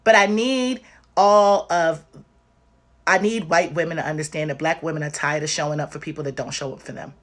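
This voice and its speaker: On a livestream, a woman with a low voice talks fairly quickly, sounding tearful and worn out. As the host, she speaks directly and with emphasis, repeating herself often in an impassioned way.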